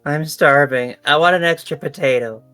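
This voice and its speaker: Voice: mid-range voice, normal speed, sharp tone, clean tone, soft background music, natural voice. A performer voicing an eager, playful little girl who loves potatoes, reading lines from a story game aloud. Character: cheerful little girl, potato-loving and curious.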